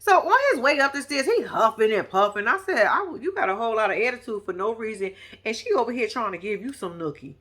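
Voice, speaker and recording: A woman's voice: a little high, animated, quick pace, few pauses, a bit bright. A young woman giving blunt, profane, sassy reaction commentary on a reality show, talking straight to her viewers.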